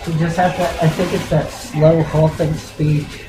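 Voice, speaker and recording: Easygoing home chatter, slow and jokey; distant mic, TV music in the room. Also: medium pitch, little pitch movement, noisy background. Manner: chatty, jokey, laughs often. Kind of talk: casual chat at home. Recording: roomy, far from the mic, TV music behind.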